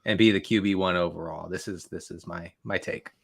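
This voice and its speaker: A man's voice: low voice, steady tone, fairly quick, gravelly, a bit bright. A man guesting on a fantasy football podcast, rambling and repeating words as he talks. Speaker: guest analyst.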